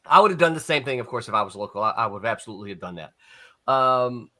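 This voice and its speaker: A man's voice: medium pitch, lively intonation, quick pace, bright, forceful tone. A man, a former comics editor, telling a rambling anecdote in a casual panel chat, with frequent restarts and chuckles. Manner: rambling storyteller, chuckles often, many restarts.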